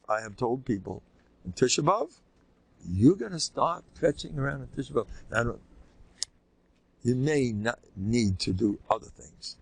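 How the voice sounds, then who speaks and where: An older man, a rabbi, giving an informal, animated Torah lecture with a conversational, joking delivery. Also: gravelly, breathy edge. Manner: animated and conversational, swinging pitch, jokes with listeners. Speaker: rabbi teaching a class.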